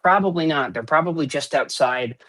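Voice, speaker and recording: A man's voice: on the high side, moderate pace, crowd noise. A man co-hosting a casual sports podcast, rambling and opinionated with plenty of swearing. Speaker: podcast co-host.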